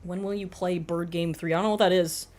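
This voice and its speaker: A woman in her thirties chats casually with her live-stream viewers in a slightly low voice. She swears freely and now and then jumps into loud, excited greetings. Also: fairly quick.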